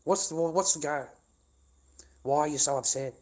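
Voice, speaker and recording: Confrontational Australian man, mellow voice. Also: fairly high pitch, normal speed. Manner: confrontational, profane, repetitive. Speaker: livestreamer. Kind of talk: angry livestream rant.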